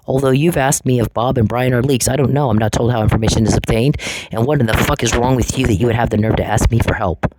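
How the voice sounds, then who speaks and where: A man's voice: medium pitch, steady tone, fast, heavy background noise. A man delivering an angry, confrontational monologue, taunting and swearing at the people he addresses.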